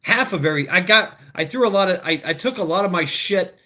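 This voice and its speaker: A man hosting a casual livestream sounds high, animated and brisk, his bright voice pushed. Probably in his thirties, he rambles and curses at his chat and laughs at what he says.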